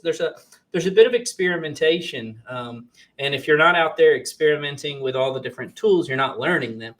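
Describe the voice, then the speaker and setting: A man's voice: fairly high pitch, a bit bright. A man hosting a casual conversation, often hesitating and restarting his sentences with fillers.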